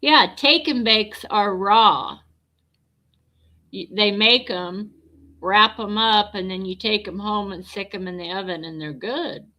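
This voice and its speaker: A middle-aged woman livestreams in a mid-range voice, speaking slowly with a pushed, bright quality. She chats bluntly and responds to her viewers' comments as they come in, in casual livestream talk.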